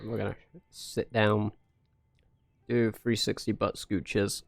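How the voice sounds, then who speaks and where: A man's voice: lowish voice, little pitch movement, slow pace, gravelly. A young English man chatting casually on a live stream, rambling and joking with lots of fillers. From England. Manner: rambling, jokey, many fillers. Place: home in Norway.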